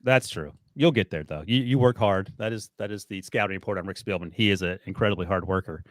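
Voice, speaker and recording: A man's voice: deep voice, fast, dry recording. A man hosting a sports podcast in a casual, playfully teasing way. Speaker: podcast host.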